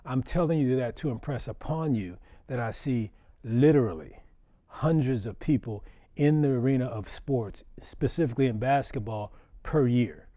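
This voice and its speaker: A man's voice: medium pitch, expressive, moderate pace, highs cut off. A middle-aged man, a basketball referee, telling a story to an audience in a conversational way, chuckling and repeating words as he restarts. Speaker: basketball referee giving a talk. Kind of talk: storytelling public talk.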